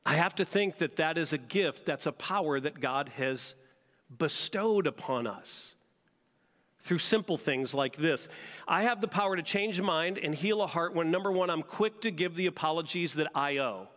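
This pastor delivers a sermon, firing rhetorical questions at his congregation in a slightly high voice with lively intonation. He speaks at a normal speed with a fairly bright tone, and the long reverb of a large hall surrounds him.

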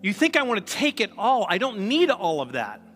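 A man's voice: sits high, huge pitch swings, a little fast, fairly bright tone, long reverb tail, soft background music. A male pastor preaching a sermon in a conversational way, with sarcastic asides.

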